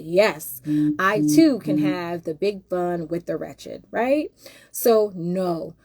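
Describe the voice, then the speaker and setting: A woman's voice: fairly low pitch, a little mellow, no echo. A woman hosting a casual monologue, emphatic and rhetorical, addressing viewers directly. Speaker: host.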